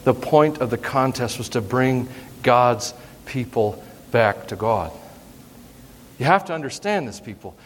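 A male pastor preaching a sermon in an animated, humorous way, teasing his congregation. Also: mid-range voice, a little slow, long pauses. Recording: long hall reverb.

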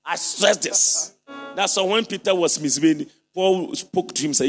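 A man preaching a sermon with fervor, leading the congregation in responses and breaking into shouted and sung phrases. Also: high-pitched, moderate pace, faint music behind.

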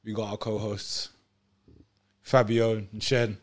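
A man hosting a podcast, laid-back and quick to laugh in casual banter. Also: fairly low pitch, level tone. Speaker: podcast host.

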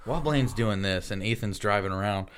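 Host, male, low-pitched, swearing storyteller, casual podcast chat. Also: fairly quick, a little hiss or hum. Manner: profane, animated storyteller acting out quotes.

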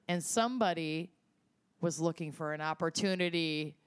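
A woman with a lowish voice co-hosts a casual podcast. She talks playfully and teases her friends. The sound is dry and close. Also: moderate pace, clear, resonant tone, dry recording. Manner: playful, teasing, describes wine. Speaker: podcast co-host.

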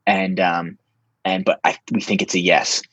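A young man telling a story in a casual, animated way, full of "like" and restarts. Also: deep voice, normal speed, husky, no echo. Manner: animated, filler-heavy, lots of "like".

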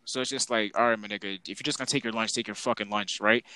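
Bright-voiced young man ranting. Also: lowish voice, fast, clear, resonant tone, no room sound, rough recording. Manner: animated, exasperated ranting with heavy slang and profanity. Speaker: podcast co-host. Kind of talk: casual podcast rant.

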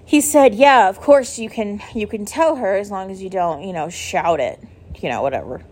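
A woman's voice: mid-range voice, darkish tone. Young woman rambling thru a story, says like constantly, gets choked up. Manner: chatty, heavy use of "like", emotional. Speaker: vlogger. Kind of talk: casual storytelling.

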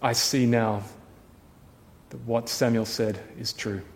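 A man voicing a humbled, ashamed king who speaks slowly and quietly. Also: mid-range voice, flat delivery, long reverb tail.

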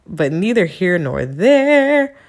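A woman with a fairly low voice talks in a loose, casual storytelling monologue. She is candid and emphatic, swears freely, and talks straight to her listeners as a podcast host. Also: big pitch swings, slow.

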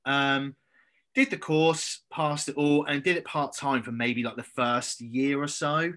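A man's voice: medium pitch, steady tone, a little slow, fairly bright tone. A man, a personal trainer guesting on a podcast, sweary and hesitant with lots of ums. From England. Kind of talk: casual podcast chat.

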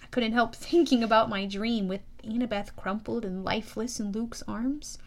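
High-voiced woman narrating an audiobook. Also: normal speed. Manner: lively, expressive storytelling with youthful energy. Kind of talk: first-person audiobook narration.

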